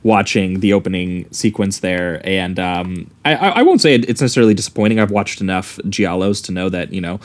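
Low-voiced man hosting a film chat. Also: fairly quick, hardly any pauses. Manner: hesitant, many fillers and restarts. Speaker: podcast host. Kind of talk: casual film discussion.

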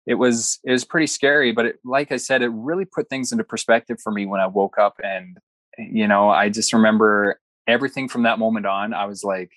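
A young man, a guest in an interview, telling a personal story with earnest, animated delivery and quoted dialogue. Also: on the low side, a little fast, no echo.

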